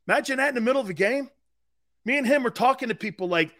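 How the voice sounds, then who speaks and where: An older man hosting sports talk radio, telling brash, profane stories with shouted quotes. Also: very high-pitched, sing-song, quick pace. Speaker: radio show host.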